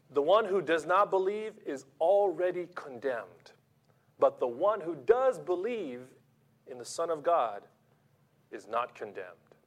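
A man preaching a sermon, emphatic and rhetorical, swinging between loud stresses and quiet asides. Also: medium pitch.

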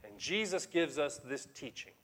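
A man's voice: a little high, big pitch swings, moderate pace, a bit bright, slight background noise. A middle-aged man preaching a sermon as pastor, emphatic and conversational, explaining scripture to his congregation.

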